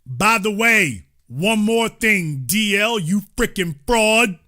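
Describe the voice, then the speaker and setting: Guy ranting on his show, mocking and cussing, high bright voice. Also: animated, slow. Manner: heated, profane, mocking. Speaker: host. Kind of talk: political commentary rant.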